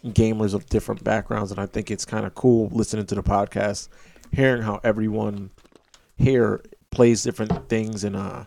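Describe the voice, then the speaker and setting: This man has a low voice with a gravelly edge, recorded dry and close. He chats casually as a podcast guest, rambling a little and filling pauses as he goes. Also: level tone, mellow, no echo. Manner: rambling, hesitant with fillers.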